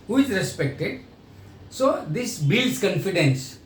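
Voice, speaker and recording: A man's voice: high-pitched, sing-song, slow. A man giving a sales training lecture in an explanatory manner. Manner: explanatory, acts out sales dialogues. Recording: echoey room, voice from a distance, faint noise.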